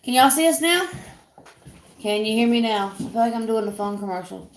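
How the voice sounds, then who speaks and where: Woman, livestream co-host, teasing and chatty, higher voice, roomy echo. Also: expressive, fairly quick, a little hiss or hum. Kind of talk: casual livestream chat.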